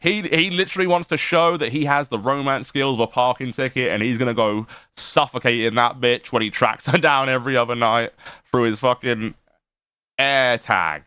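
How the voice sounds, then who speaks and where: Man streaming reaction commentary, crude and mocking, smooth resonant voice, dry close-miked sound with no room at all. He talks loosely, full of "like" and laughter, and often jeers at whoever he is discussing. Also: medium pitch, normal speed, sharp tone, dry recording. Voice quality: mocking, profane, frequent laughs and fillers.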